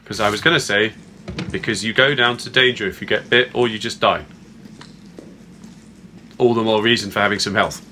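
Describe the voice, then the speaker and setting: A man's voice: lowish voice, normal speed, pauses often, bright, forceful tone, slight background noise. A man giving casual, playful let's-play commentary on a horror game, chatting to viewers as he plays. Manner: playful, chatty, talks to viewers while playing. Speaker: gamer playing through a horror game.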